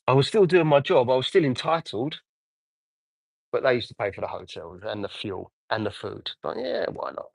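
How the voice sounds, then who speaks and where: English guy, 40s, live-stream car detailer; rambling, chatty, mid-pitched, dry close recording. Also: big pitch swings, normal speed, gravelly, pauses often, no room sound, low-quality recording. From England. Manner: chatty, rambling, reads out and answers viewer comments. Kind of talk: casual livestream chat while working.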